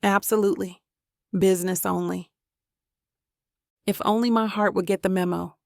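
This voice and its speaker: A woman narrating a first-person romance audiobook in a measured, introspective way on a close mic. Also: medium pitch, steady tone, gravelly, no room sound.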